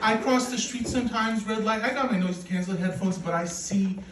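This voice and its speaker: Man, 40s, from Poland, stand-up comedian, deadpan, self-deprecating, high voice, echoey room. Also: a little fast. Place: comedy club stage with audience laughter. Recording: echoey room recording from a distance, loud noise.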